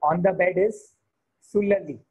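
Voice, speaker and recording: Husky man teaching beginner vocabulary. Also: high voice, darkish tone, highs cut off. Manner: slow, repeats each word, switches to Hindi to explain. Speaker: French teacher. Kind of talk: beginner language lesson.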